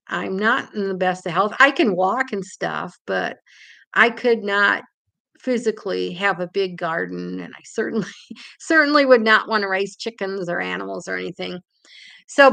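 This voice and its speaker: A woman's voice: medium pitch, vocal fry, fairly bright tone. An older woman with a Hoosier accent hosting a casual live-stream chat from home, rambling and laughing often. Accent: Indiana. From England. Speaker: livestream host.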